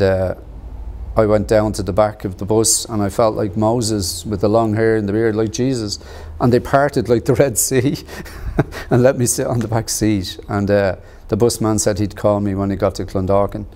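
A middle-aged man from tells his own story in an interview, in a lowish voice. He speaks in an earnest, measured way, pausing and reaching for words. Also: darkish tone. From Ireland. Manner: measured and earnest, with pauses and fillers. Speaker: actor and author interviewed about his book. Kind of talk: reflective personal storytelling.

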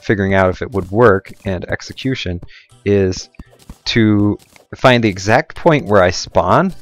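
A man's voice: on the low side, measured pace. A young man casually commenting on his own gameplay, rambling with goofy, self-mocking asides. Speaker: let's play gamer.

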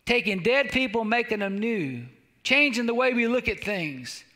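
A man's voice: very high voice, lively intonation, moderate pace, pushed and bright. A man pastor preaching a sermon, exhorting and repeating calls to the congregation. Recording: long hall reverb.

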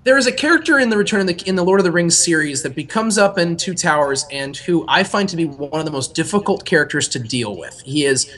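A young man co-hosting a podcast, talking casually in a rambling, animated way that often breaks off and restarts. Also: on the high side, quick pace, hardly any pauses. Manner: rambling, self-interrupting, animated. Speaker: podcast co-host.

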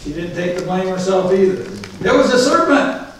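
A man's voice: high voice, lively intonation, normal speed, a little hiss or hum. A male pastor preaching a sermon in a conversational way, putting questions to the congregation. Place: church. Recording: echoey church from far off.

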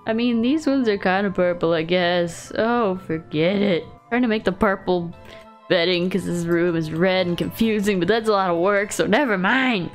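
Playful woman narrating her game. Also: mid-range voice. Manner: playful, teasing, chatty with characters. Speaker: gaming video host. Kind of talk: casual let's-play commentary. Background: faint classical music.

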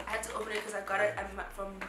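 A woman's voice: mid-range voice, flat delivery, very fast, heavy background noise. Gushing young woman vlogging. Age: 20s. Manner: gushing and effusive, chatty fillers. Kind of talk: casual unboxing chat. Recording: echoey room with background music.

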